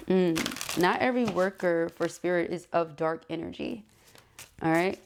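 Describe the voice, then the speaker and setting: A woman in her thirties giving a casual tarot reading, talking fast and excitedly, stumbling over her words and laughing at herself. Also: on the low side, vocal fry, a little hiss or hum. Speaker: tarot reader.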